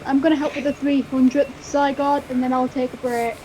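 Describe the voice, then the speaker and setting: A woman's voice: sits high, little pitch movement, a little fast, dark tone, a little hiss or hum, low-quality recording. A woman chatting casually and teasingly as a co-player on a game stream. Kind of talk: casual chat on voice call.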